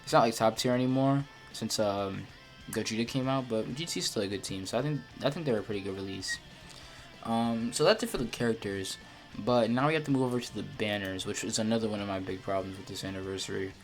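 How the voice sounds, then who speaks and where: A man's voice: fairly low pitch, fast, faint music behind. A young man giving unedited, casual commentary on a mobile game, rambling with many restarts, repeated words and fillers. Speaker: gacha game video creator.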